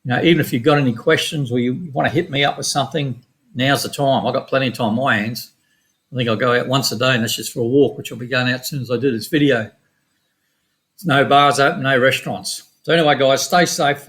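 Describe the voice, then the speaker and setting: A middle-aged man with an Australian accent walking through his forex trades in a quick, casual, matter-of-fact way with some slang. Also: mid-range voice, steady tone, fairly bright tone. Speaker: forex trading educator. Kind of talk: screen-share chart walkthrough.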